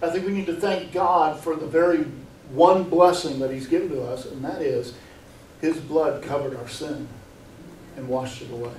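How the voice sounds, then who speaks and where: A man's voice: a little high, normal speed, a little mellow, slight background noise. A man preaching a sermon as pastor, earnest and full of rhetorical questions, often repeating words as he goes. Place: church sanctuary. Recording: echoey room, mic far off.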